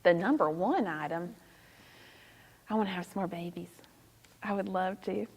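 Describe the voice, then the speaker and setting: A woman in her thirties with a Southern accent, a pastor answering interview questions in a soft-spoken, thoughtful way with frequent laughter. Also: on the low side, moderate pace, breathy edge, in a large hall. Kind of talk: casual interview.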